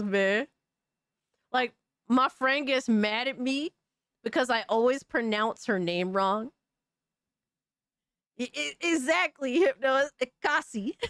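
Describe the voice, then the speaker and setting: Picture a woman streamer riffing on gaming news for her chat, cursing freely and breaking into laughter between thoughts. Her voice sits a bit high and sounds close and dry, with no room around it. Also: fairly bright tone, clean tone, no room sound. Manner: loose and profane, laughing often, calling people brother and dog. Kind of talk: casual live-stream chat reacting to news.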